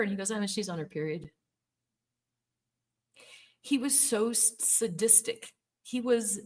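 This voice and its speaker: A woman's voice: medium pitch, darkish tone. A middle-aged woman telling a personal story in an earnest, emphatic way, repeating words for stress. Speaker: former Jehovah's Witness telling her story.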